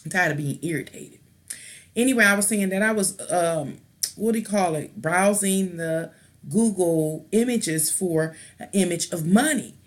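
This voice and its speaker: A woman's voice: on the low side, unhurried. A woman, a mother, hosting a live stream and ranting in a blunt, rambling way, irritated, with restarts and casual slang. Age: adult with children. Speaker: tarot live-stream host.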